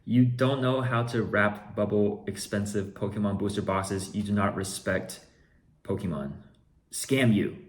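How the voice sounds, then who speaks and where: A man's voice: on the low side, unhurried, natural voice. A man voicing a pushy, indignant male scammer customer who makes demands in broken phrasing. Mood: angry.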